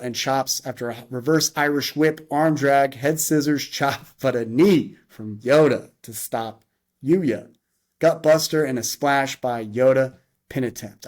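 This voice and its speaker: A man talks through a wrestling review in a relaxed, rambling way, often restarting his sentences and drifting into asides. His pitch sits in an ordinary middle range. He snaps into quick bursts of move-by-move calls. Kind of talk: casual wrestling review with play-by-play.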